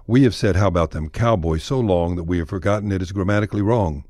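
A Texan man with a deep, low voice narrates his radio segment in a folksy, wry way. The recording is dry and close, with no room sound. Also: quick pace, hardly any pauses, darkish tone, no echo. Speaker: radio storyteller, host.

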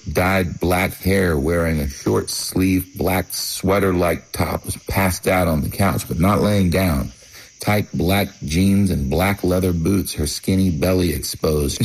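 A man with a very low voice tells his own story in the first person. His delivery is measured and matter-of-fact. He lays it out in short, plain phrases. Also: husky, rough recording. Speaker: narrator. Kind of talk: first-person memoir narration.

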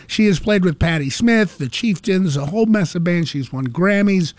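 A man's voice: high voice, animated, moderate pace, few pauses, dry recording. A man co-hosting a radio show, chatting casually and enthusiastically about events and music. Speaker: radio co-host, music segment.

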